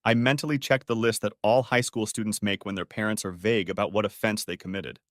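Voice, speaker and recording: A man narrating a first-person drama audiobook in a dramatic, expressive way. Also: fairly low pitch, quick pace, hardly any pauses, no room sound, clean studio sound.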